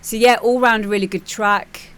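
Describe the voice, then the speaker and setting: A young British woman hosting a music demo stream, chatting casually and rambling into animated bursts as she acts out scenes. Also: mid-range voice, moderate pace. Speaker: show host reviewing music demos. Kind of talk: casual livestream chat.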